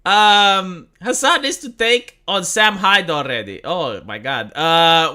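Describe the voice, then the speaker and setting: Sarcastic streamer, lively pitch. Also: male voice, moderate pace, few pauses. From Romania. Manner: sarcastic, rambling, swears casually. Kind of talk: live stream reaction commentary.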